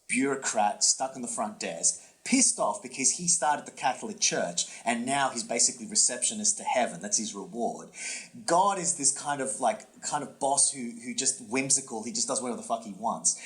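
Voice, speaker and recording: Animated male comedian storyteller. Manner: animated storyteller, swooping pitch, lots of fillers and restarts. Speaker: podcast co-host and comedy workshop instructor. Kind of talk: casual podcast chat, storytelling.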